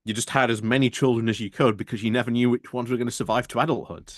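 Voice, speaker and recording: A man's voice: mid-range voice, steady tone, fast talker, no echo, studio quality. A man with a Yorkshire accent co-hosting a casual live stream, agreeable and chuckling along. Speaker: co-host.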